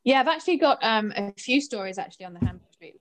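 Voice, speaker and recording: A woman guest recounting a ghostly experience in a lively, expressive way, her voice jumping up in pitch at the dramatic moments. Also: racing, faint music behind. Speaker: guest storyteller. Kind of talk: animated anecdote telling.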